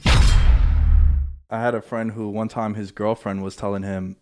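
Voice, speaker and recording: A man's voice: lowish voice, little pitch movement, takes it slowly, a little mellow. A man co-hosting a casual chat, telling stories in a laid-back, drawling way. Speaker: podcast co-host.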